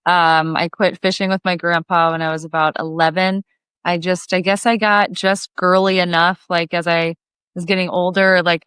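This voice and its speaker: A woman's voice: fairly low pitch, clear, resonant tone, no echo, studio quality. A woman in her thirties from the Midwest, a singer, tells stories as a podcast guest, laughing often and acting out the voices she quotes. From Lake of the Ozarks, Missouri. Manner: giggly, animated storyteller who acts out quoted voices. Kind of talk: casual storytelling interview.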